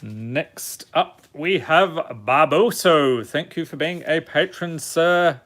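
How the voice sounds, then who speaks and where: A man hosts a relaxed live stream, reading names aloud one after another at an unhurried pace. His voice sits slightly higher than most men's. He keeps a chatty, joking tone with the people watching. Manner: reads item names one by one, jokes with viewers. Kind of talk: casual live-stream chat while opening card packs.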